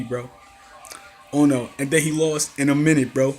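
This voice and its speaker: Animated young man recapping wrestling. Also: mid-range voice, moderate pace. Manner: animated storytelling with acted-out quotes and laughs. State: coughing, throat acting up. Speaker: wrestling reviewer. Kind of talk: casual recap vlog.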